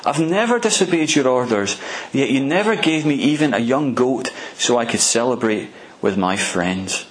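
A man's voice: mid-range voice, expressive, normal speed, close to an everyday voice. A man preaching acts out a hardworking older brother who indignantly complains to his father, repeating himself insistently. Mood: resentful.

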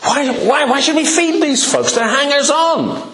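A man voicing irritated male disciples who grumble and complain in a rapid, indignant rant. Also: extremely high pitch, sharp tone, a little hiss or hum, pitched above the performer's own voice, exaggerated voice. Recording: echoey room.

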